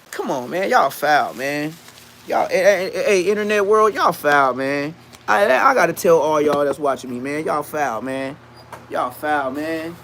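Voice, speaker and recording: A man's voice: on the high side, fairly bright tone, a little hiss or hum. A man talking straight to his viewers in a casual, repetitive rant full of street slang.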